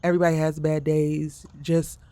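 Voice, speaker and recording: A woman's voice: low-pitched, flat delivery, normal speed, dark tone, dry recording. A woman content creator talking frankly to camera in a vlog, venting about the pressures of her day. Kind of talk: candid vlog monologue.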